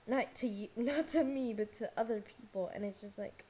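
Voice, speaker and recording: Recording on her phone at home, this young podcast host talks alone in a mid-range, dark voice with a breathy edge, at normal speed. Her casual chat wanders, full of self-mockery, heavy swearing, and endless "like"s. She drifts between subjects and loses her thread.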